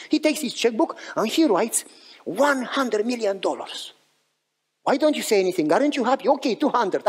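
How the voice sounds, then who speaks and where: Animated husky-voiced preacher man. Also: very high-pitched. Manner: animated storytelling, acting out dialogue. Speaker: pastor. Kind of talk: sermon.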